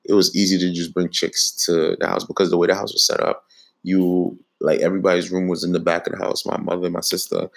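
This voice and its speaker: A young man co-hosting a casual chat, teasing his co-host and telling his own story in relaxed slang. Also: low-pitched, fast, gravelly.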